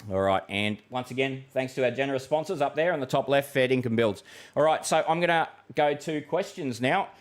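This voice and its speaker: An Australian man in a relaxed livestream chat, talking in a mid-pitched voice. He goes through forecasts and viewer questions in a friendly, matey tone, full of fillers and restarts. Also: brisk. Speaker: weather forecaster and livestream host. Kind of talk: casual livestream chat reading viewer comments.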